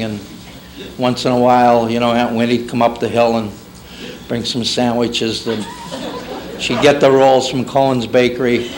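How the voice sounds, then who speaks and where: A man's voice: medium pitch, low-quality recording. A man, emceeing a banquet and telling comic stories, slipping into other people's voices as he goes. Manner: animated, puts on a child's voice and his mother's. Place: banquet hall. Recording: faint room noise, 1991 banquet tape.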